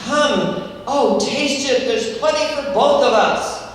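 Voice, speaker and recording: A sly, scheming fox, as a woman preacher puts him on, smooth and a little lower than her plain voice, told in a fable from the pulpit. The voice rings through a large, reverberant hall, picked up from a distance. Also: slow. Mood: coaxing. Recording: echoey hall, heard from far off.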